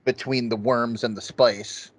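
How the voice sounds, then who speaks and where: A man's voice: mid-range voice, steady tone, measured pace, a crowd in the background. A man co-hosting a podcast, chatting loosely about a film and swearing freely as he rambles. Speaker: podcast co-host. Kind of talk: casual film review chat.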